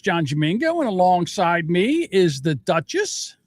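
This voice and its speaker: A man's voice: high-pitched, big pitch swings, normal speed. Rambling middle-aged male podcast co-host. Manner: rambling, self-deprecating, scatterbrained. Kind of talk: casual chat.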